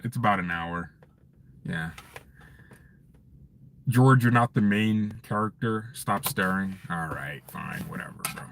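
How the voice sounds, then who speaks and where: A man hosting a fan channel live stream from his parked car, chatting casually with viewers in an animated, joking, ranting way. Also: on the low side, vocal fry.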